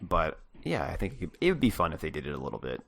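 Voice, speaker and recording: A man with a bass voice co-hosts a podcast in casual chat, speaking fast with big pitch swings, vocal fry, and a fairly bright tone. He's hesitant, stopping and restarting, using lots of fillers and laughing mid-sentence.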